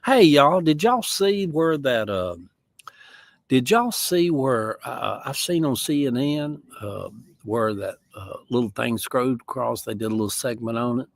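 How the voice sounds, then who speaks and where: A man's voice: medium pitch, lively intonation, measured pace, gravelly, dry recording. A man with a Southern US accent chatting casually on a livestream from outdoors, rambling in a folksy way with chuckling asides. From American South. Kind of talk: casual chat. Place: outdoors in a yard.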